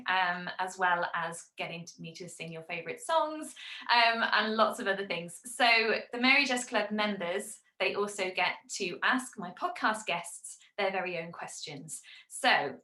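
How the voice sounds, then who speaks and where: Upbeat woman podcast host, bright punchy voice, echoey room, chatty. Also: medium pitch. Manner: upbeat, plugs her subscription club. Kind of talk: casual video podcast chat.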